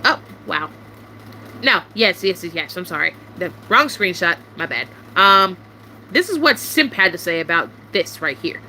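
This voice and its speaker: A young woman venting to camera in a casual monologue, irritated and swearing often, with sharp rising outbursts. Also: on the low side, sing-song, unhurried, a little hiss or hum.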